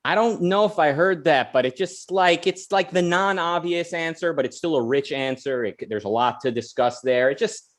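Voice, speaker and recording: A man's voice: on the high side, moderate pace. A man hosting a podcast, talking in a chatty, rambling way full of restarts and side tangents. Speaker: podcast host. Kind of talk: casual podcast chat.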